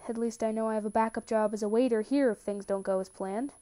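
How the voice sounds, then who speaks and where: A woman's voice: fairly high pitch, fairly even intonation, fast talker, dark tone, lightly acted. Woman reading an earnest tender young man.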